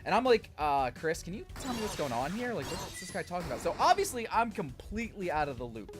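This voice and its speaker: A man's voice: sits high, very animated, quick pace, music in the background. A young man streaming a game, telling a story in a rambling, self-deprecating way with lots of fillers. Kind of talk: casual chat while streaming a game.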